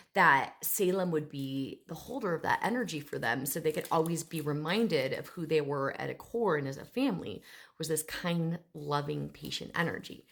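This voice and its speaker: A woman's voice: low-pitched, gravelly, fairly bright tone. A woman who works as an animal communicator, telling a story in a casual, chatty way with lots of fillers and plenty of enthusiasm.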